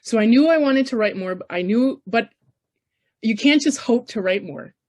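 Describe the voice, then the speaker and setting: A woman's voice: a little high, expressive, moderate pace, a little mellow. A woman from Canada presenting a casual writers' workshop, emphatic, blunt and encouraging.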